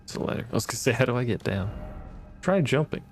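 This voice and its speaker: A man's voice: medium pitch, lively intonation, fast, gravelly, soft background music. A man giving casual gameplay commentary, wry and profane, talking back to the enemies on screen. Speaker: gaming streamer.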